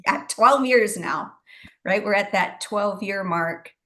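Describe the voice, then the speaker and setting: A middle-aged woman talks as a guest on a talk show, with a middle-range voice. She tells her story in a chatty, animated way, laughs often, and acts out her own past words. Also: mid-range voice, slow pace. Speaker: guest psychic medium.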